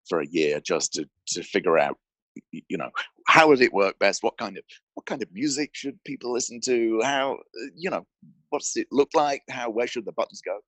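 A man talking as a podcast guest, telling an animated story and restarting phrases with repeated words. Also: low voice, breathy edge, no room sound. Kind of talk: conversational interview storytelling. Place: indoor studio with a mic.

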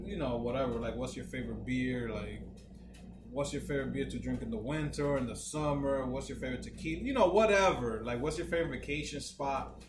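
A man co-hosting a casual podcast, telling animated stories with lots of swearing and acting out the people he quotes. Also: medium pitch. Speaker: podcast co-host. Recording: echoey room with background noise.

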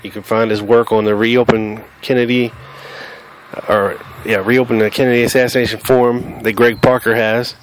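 A man's voice: mid-range voice, little pitch movement, moderate pace, a little hiss or hum. Blunt Southern man hosting a podcast. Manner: blunt, combative, cusses freely. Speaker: podcast host. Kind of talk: casual podcast monologue.

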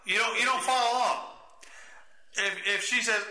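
A young man hosting a podcast, crude and teasing, talking loud in drunk casual banter and laughing often. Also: extremely high pitch, normal speed, long pauses. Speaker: podcast host. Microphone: desk mic with screen. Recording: echoey room.

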